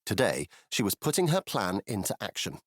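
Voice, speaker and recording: Man, children's audiobook narrator: lively, playful, dry close studio sound. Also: on the low side, moderate pace, dry recording. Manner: playful, conspiratorial asides to the listener. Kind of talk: scripted children's storybook narration.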